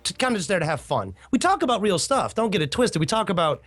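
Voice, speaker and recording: A man hosting a casual podcast chat, telling stories with swooping pitch and quick asides. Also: sing-song, fairly bright tone. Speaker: podcast host.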